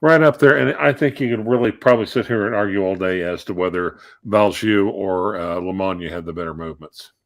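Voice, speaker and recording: A man's voice: low-pitched, a little fast, hardly any pauses, no echo. A man joining a casual video call, explaining at length in a knowledgeable way. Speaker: guest on a call. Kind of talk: casual chat.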